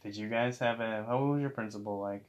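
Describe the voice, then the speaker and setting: A man with a fairly low voice co-hosts a laid-back chat about a TV episode. He is playful and jokey, and sometimes breaks into a squeaky mock voice to act out a scene. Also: a little fast, lo-fi sound. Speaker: podcast co-host. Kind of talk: casual chat recapping a TV episode.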